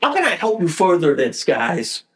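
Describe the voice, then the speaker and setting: A man's voice: sits high, wildly swooping pitch, normal speed, a bit bright. A male podcast host delivering a profane, repetitive political rant in an emphatic tone.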